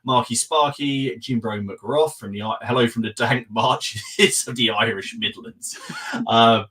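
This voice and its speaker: A man hosting a live podcast, running through viewers' names with quick friendly asides. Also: medium pitch, fairly even intonation, sharp tone. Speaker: podcast host. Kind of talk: live-stream chat greeting viewers.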